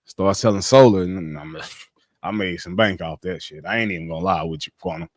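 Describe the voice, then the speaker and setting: Man, animated storyteller, heavy slang, swearing, dry close sound, casual livestream. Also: low-pitched, fairly quick, no room sound. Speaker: livestream trader telling his story.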